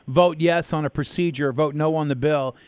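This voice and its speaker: Male radio host, jokey and upbeat, slightly high voice. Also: steady tone, normal speed, smooth, no echo. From Maine. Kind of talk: casual radio talk.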